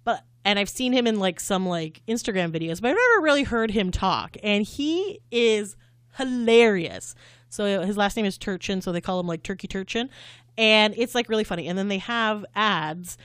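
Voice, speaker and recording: A woman's voice: mid-range voice, animated, normal speed, a bit bright, clean tone, dry recording, studio quality. A woman co-hosting a podcast, chatting in a rambling, giggly way. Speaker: podcast co-host. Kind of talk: casual chat.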